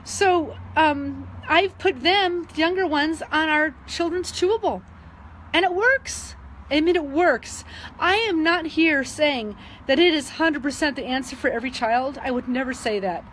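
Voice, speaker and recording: Casting note: middle-aged woman with a high voice, sincere and emotional, telling a story over a faint hum. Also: a little slow, fairly bright tone, low-quality recording. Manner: earnest, emotional, with frequent um fillers and restarts. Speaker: wellness advocate sharing testimonies. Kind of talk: casual personal storytelling.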